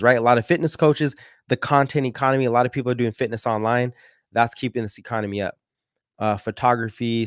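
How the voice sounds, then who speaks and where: A man talks his audience through stock charts in a loose, rambling way. He throws in slang and often stops to correct himself. His voice sits at an ordinary pitch, and the close mic sounds dry with no room echo. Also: clean tone. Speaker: market analysis host. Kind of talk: casual chart commentary.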